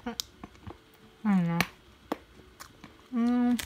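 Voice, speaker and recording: A woman's voice: on the high side, animated, slow, background noise. Giggly woman unboxing toys, crinkly wrappers. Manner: chatty, giggly, cheerful exclamations. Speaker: toy unboxing channel host. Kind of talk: casual toy unboxing vlog. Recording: packaging crinkles and clicks throughout. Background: crinkling packaging.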